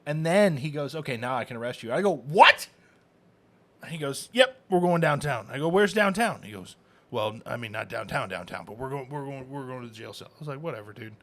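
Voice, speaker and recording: A man's voice: mid-range voice, animated, a little fast, a bit bright. A man co-hosting a casual podcast, telling a long story and acting out the dialogue with laughs. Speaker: podcast co-host. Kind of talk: casual storytelling over drinks.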